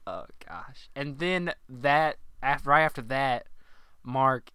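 A man's voice: medium pitch, slow pace, bright, forceful tone, clean tone, no echo. A young man in casual chat about a movie, laughing often and quoting lines in mock voices.

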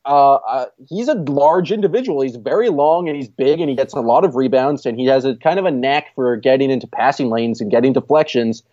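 A male podcast co-host chats about basketball in a loose, unhurried manner, often stopping to hesitate. His voice is mid-pitched for a man. The sound is dry and a little dull, like a lo-fi remote mic. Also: dry recording. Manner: relaxed, easygoing, with many "uh" pauses. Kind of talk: casual sports podcast chat.

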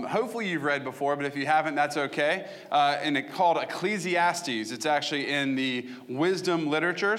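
A man preaching as pastor to his church, easygoing and conversational, with frequent ums and restarts. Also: a little high. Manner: casual, warm-hearted preaching with fillers and restarts. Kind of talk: sermon. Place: church sanctuary.

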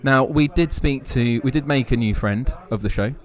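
A man in casual podcast chat, answering with dry, teasing quips and frequent laughs. He chats from a pub at an ordinary pitch. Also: moderate pace. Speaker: podcast co-host.

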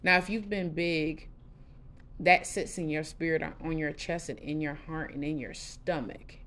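A middle-aged woman hosting a podcast, telling her personal story candidly in a casual, expressive way with lively quoted asides. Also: low voice, measured pace, a little hiss or hum. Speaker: podcast host.

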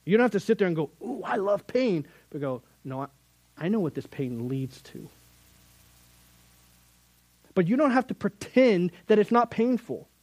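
Hombre predicando con voz aguda y seca. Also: male voice, sits high, sing-song, normal speed, long pauses, a little mellow, dry recording, rough recording. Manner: earnest, conversational preaching with sudden emphatic rises. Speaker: youth Bible teacher. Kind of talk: sermon.

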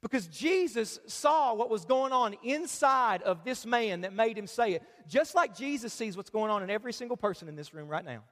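A man with a very high voice preaches a sermon in a church auditorium. He keeps it conversational and joking, drawing the crowd in to read along. Long reverb from the hall hangs on his words. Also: expressive, normal speed, hardly any pauses, a bit bright. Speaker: pastor.

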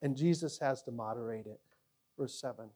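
A male pastor preaching a sermon, acting out quoted voices and swinging between loud emphasis and quiet asides. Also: mid-range voice, normal speed, slightly rough.

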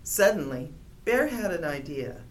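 Storybook reader, woman, gentle and expressive, low-set voice that rises and falls freely. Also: a little slow. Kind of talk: children's storybook read-aloud.

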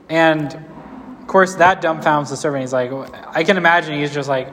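A man preaching a casual storytelling sermon, conversational and relaxed, with playful asides. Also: on the high side, brisk, long reverb tail, slight background noise.

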